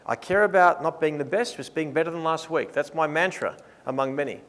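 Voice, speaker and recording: A man leading a live workshop, playful and lively, acting out what his listeners think. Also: on the high side, a little fast. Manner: lively, playful, acts out clients' thoughts. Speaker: workshop presenter. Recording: reverberant hall sound.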